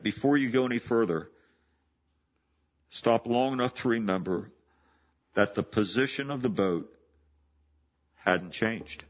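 A man preaching a sermon in a conversational way, often repeating and restarting words. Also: mid-range voice. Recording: dull lo-fi sound.

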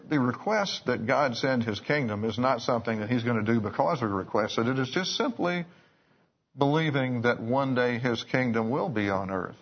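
A man preaching a sermon, telling stories in a folksy way with restarts and asides. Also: medium pitch. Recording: dull lo-fi recording.

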